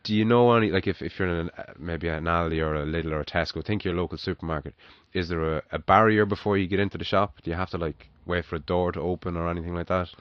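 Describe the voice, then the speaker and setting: A man's voice: sits low, steady tone, quick pace, few pauses, no room sound. A man in a casual podcast chat who swears freely and explains things with examples. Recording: dull, dry sound.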